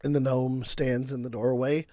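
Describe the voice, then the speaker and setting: A man's voice: medium pitch, level tone, normal speed, warm tone, no echo, studio quality. A young man narrating a tabletop game as game master in a casual way, full of fillers.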